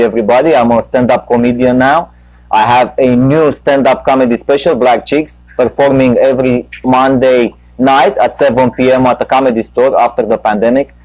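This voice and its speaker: A talk show host and comedian, whose first language is Romanian, tells a long, rambling anecdote on a live show, full of profanity and restarts. His voice is mid-range and darkish in tone. The recording is dry, and the audio is poor.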